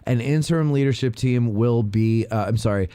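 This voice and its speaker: A man's voice: mid-range voice, moderate pace, clear, resonant tone, dry recording. A man hosting a casual podcast, reading local news aloud with playful asides and jokes. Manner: jokey, animated, reads aloud with playful asides. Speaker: podcast host.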